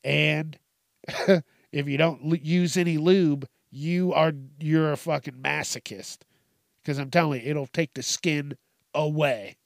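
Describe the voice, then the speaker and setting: A man with a gravelly voice talks slowly and casually on his podcast. His speech is profane and self-deprecating, full of laughs and halting restarts. The sound is dry and close. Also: a little high, steady tone, no room sound. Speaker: podcast host. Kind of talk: casual monologue.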